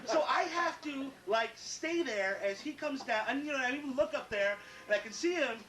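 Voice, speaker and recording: Animated, profane man telling a story on stage. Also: extremely high pitch, normal speed, a little hiss or hum. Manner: animated, profane, self-mocking. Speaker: comedian. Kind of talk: stand-up storytelling. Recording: echoey room taped from far off, crowd.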